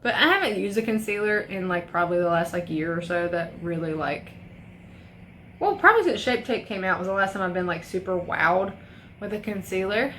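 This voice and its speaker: A woman's voice: mid-range voice, lively intonation, fairly quick, a bit bright, slight background noise. A young woman beauty vlogger chatting casually through a makeup tutorial, rambling and swearing as she rants. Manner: profane, ranting, rambling.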